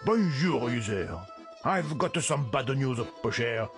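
A man's voice: mid-range voice, animated, slow. An actor with a French accent playing a theatrical male program. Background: game music.

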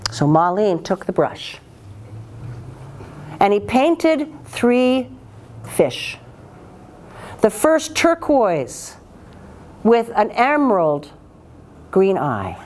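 A woman storyteller telling a folktale aloud in a dramatic, expressive way, with voiced sound effects. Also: a little high, very slow, long pauses.

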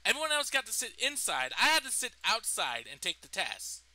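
A man's voice: extremely high pitch, wildly swooping pitch, a little fast, sharp tone, no room sound, rough recording. A young man in a vlog, indignantly retelling a personal story and swearing freely. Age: young adult. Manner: indignant, profane retelling of events. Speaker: vlogger.

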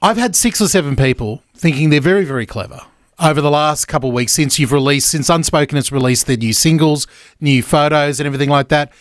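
A man's voice: fairly high pitch, fast talker, no echo, studio quality. An Australian man hosting a morning radio show, joking energetically and stumbling through restarts. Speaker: radio host. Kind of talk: casual radio chat. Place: radio studio.

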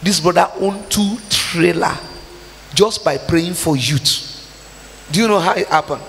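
A woman's voice: fairly low pitch, unhurried, a bit bright. A woman with a Nigerian accent preaching a storytelling sermon, slipping into Nigerian Pidgin. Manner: mixes in Nigerian Pidgin, acts out quoted dialogue. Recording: long reverb with faint hiss.

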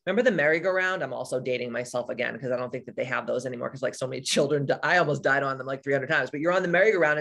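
A woman's voice: low voice, fast, gravelly. A woman in her forties, a spiritual coach, talking casually to live-stream viewers in a blunt, profane and candid way. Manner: animated, answers viewers by name.

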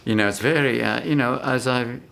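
A man's voice: mid-range voice, vocal fry, a bit bright. A man in his fifties being interviewed, talking playfully and slipping in and out of comic voices. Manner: playful, quick to slip into voices. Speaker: comedian and actor, interview guest.

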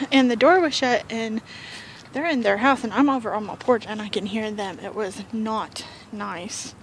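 Chatty high-voiced woman on her porch. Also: measured pace, a little hiss or hum. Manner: chatty, rambling, with frequent fillers and sighs. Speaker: vlogger. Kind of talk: casual storytelling vlog. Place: home porch, outdoors.

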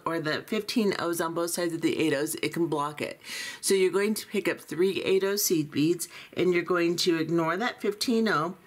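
A woman teaching a beading tutorial, calmly talking through each step as she works. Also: lowish voice. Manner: calm, methodical, talks through each step. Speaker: beading instructor.

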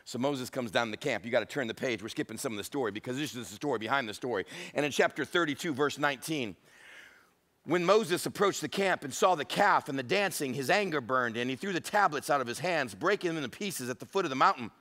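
A man's voice: mid-range voice, expressive, quick pace, sharp tone. A male pastor preaching a humorous, storytelling sermon.

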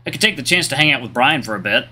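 Animated man hosting a let's play. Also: mid-range voice, very fast, soft background music. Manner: animated, reads story narration aloud. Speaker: gaming channel host.

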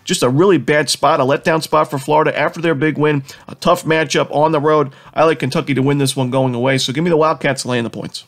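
A man with a cold and a nasal voice, hosting a quick sports betting picks rundown in a confident, stat-heavy way with many fillers. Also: a little high, steady tone. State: has a cold. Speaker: sports betting analyst host.

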